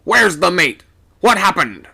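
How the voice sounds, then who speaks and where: Male reader playing a gruff, gravelly old captain, shouting orders, voice pushed way up. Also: high-pitched, sing-song, a little slow, pitched above the performer's own voice, heavily acted. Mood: commanding. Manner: barking orders, loud. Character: stern, commanding old male ship captain.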